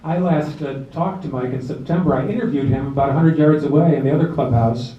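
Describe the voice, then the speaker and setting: A man leading a memorial gathering, speaking in a relaxed, folksy way with light jokes and fillers, addressing a seated crowd in a club hall. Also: fairly high pitch, fairly quick, slight background noise. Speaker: officiant of a memorial service. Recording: roomy, distant, dull amateur video.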